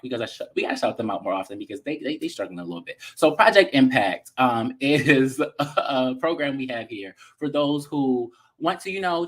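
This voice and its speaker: A man with a Baltimore accent co-hosting a casual chat show, sassy and animated with playful slang. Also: mid-range voice. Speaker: co-host.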